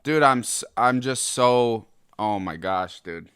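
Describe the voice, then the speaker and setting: Slow, smooth-voiced man ranting angrily. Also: mid-range voice, expressive, dry recording, clean studio sound. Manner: angry, exasperated ranting with sudden loud outbursts. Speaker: podcast host. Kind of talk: solo rant podcast.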